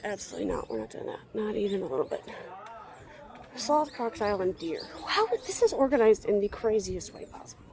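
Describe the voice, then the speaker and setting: A young woman with a mid-range, slightly mellow voice vlogs while walking outdoors through a zoo. Tired and a bit out of breath from walking, she rambles along, dropping wry muttered asides.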